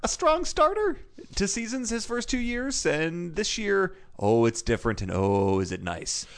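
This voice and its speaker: A man co-hosting a casual sports podcast who laughs easily and digs into stats, in a deep morning voice. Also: very animated, measured pace, smooth. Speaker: podcast co-host.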